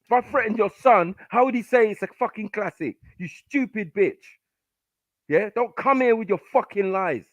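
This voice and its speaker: A high-voiced man rants aggressively at callers on a live stream, swearing and cutting people off. The sound is dry and dull, like lo-fi stream audio. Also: animated, moderate pace, dry recording. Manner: aggressive, profane, shouting down callers. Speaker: podcast host. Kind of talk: heated live panel argument.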